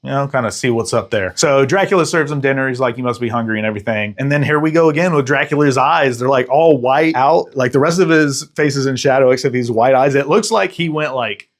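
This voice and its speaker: Joking man recapping a film. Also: mid-range voice. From Texas. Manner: joking and slangy, with quick acted-out voices. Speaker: podcast host and film reviewer. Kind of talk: casual comedic movie recap.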